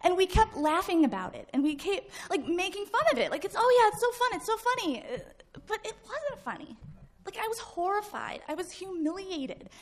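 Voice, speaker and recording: A woman in her thirties from the American Midwest, a guest speaker telling a personal story to a live audience, acting out shouts and laughing along. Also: high-pitched. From Midwest United States. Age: 30s.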